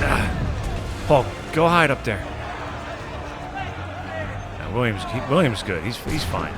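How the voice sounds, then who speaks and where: A male game streamer narrating his play, excitable and profane, joking as he goes. His pitch moves in lively swings over clear game music. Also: unhurried, long pauses. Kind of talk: gameplay commentary.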